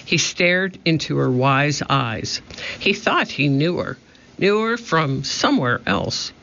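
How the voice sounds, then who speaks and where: A man narrating a children's storybook in a steady, expressive reading, in a muffled lo-fi recording. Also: on the high side, slow pace, creaky. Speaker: audiobook narrator. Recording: muffled lo-fi audio.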